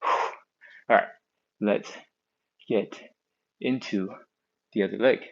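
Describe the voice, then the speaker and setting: A man's voice: on the low side, steady tone, gravelly, dull audio. Breathless, chatty man coaching stretches. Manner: chatty, encouraging, counts down slowly. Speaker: stretching instructor. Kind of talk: live-streamed stretching class. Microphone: earbud mic.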